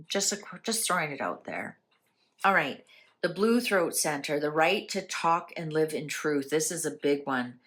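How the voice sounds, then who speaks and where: A woman's voice: low-pitched, expressive, moderate pace, fairly bright tone. A woman hosting a casual spiritual talk, speaking conversationally and asking many rhetorical questions. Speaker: channel host.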